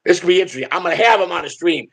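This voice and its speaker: A man's voice: high-pitched, lively intonation, very fast, vocal fry. A man hosting a live stream, telling stories in a rambling, blunt and profane way. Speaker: streamer and show host. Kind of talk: casual storytelling on a live stream.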